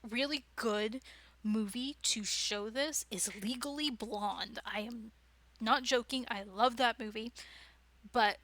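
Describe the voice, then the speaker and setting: A woman's voice: on the high side, takes it slowly, a bit bright. A woman giving an informal writing workshop, chatty and enthusiastic, with frequent digressions. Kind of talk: informal lecture.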